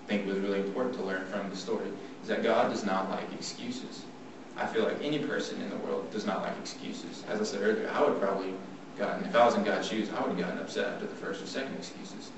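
A man with a fairly low voice gives an earnest devotional Bible talk, reading scripture slowly and then explaining it in plain everyday words. He is heard from a distance in a very echoey room. A faint hiss sits under his voice. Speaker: speaker giving a Bible talk.

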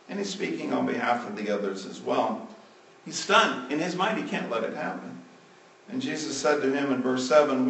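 A man's voice: sits high, animated, normal speed, distant mic. Man preaching in a roomy hall. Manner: dramatic swings from loud emphasis to hushed endings. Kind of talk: sermon. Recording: roomy, from off the mic.

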